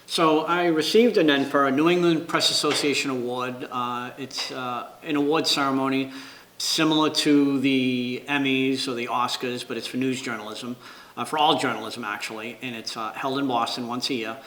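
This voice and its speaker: A man's voice: medium pitch, fairly even intonation, normal speed, a bit bright, a little hiss or hum. A man, a news photographer, telling long stories in a documentary interview and acting out the lines of the people in them. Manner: rambling storyteller who acts out quoted dialogue. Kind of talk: documentary interview, recounting anecdotes. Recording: roomy echo.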